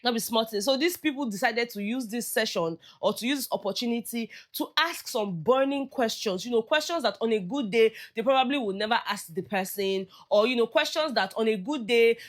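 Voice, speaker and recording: A woman's voice: a little high, fairly quick, few pauses. A woman with a Nigerian accent chatting through a reality show recap, slipping into Pidgin phrases as she goes. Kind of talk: casual commentary.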